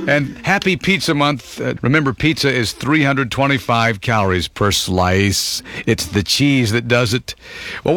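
A man's voice: medium pitch, a bit bright. A male radio countdown host with a mid-range voice. He talks in a playful, chatty way and keeps throwing in jokes between songs and calls. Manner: playful, chatty, joking asides. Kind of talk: upbeat radio hosting with phone calls.

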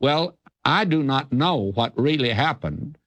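A man's voice: mid-range voice, lively intonation, unhurried, fairly bright tone, dry recording. An older man from the South, a radio Bible teacher answering a listener's question in an earnest, emphatic, folksy preacher's cadence. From American South.

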